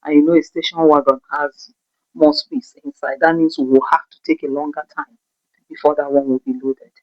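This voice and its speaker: A Nigerian woman telling a personal story in an animated way, acting out the voices of the people in it. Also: sits low, moderate pace, no room sound. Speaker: vlogger. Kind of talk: storytime narration. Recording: dull, dry recording.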